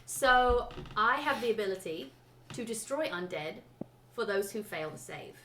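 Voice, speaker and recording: A woman's voice: mid-range voice, animated, a little slow, sharp tone, a little hiss or hum. A woman playing a tabletop game, explaining rules in a matter-of-fact way. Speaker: player. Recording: echoey room.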